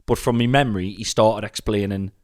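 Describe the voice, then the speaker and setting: A male podcast co-host in casual chat, animated, swearing and mocking with put-on voices. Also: fairly low pitch, brisk.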